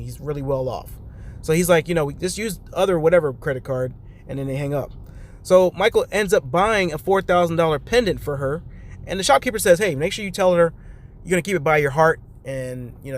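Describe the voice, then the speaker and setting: A man hosting a podcast, casually recapping a reality show episode in a loose, chatty way and talking straight to his listeners. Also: on the high side.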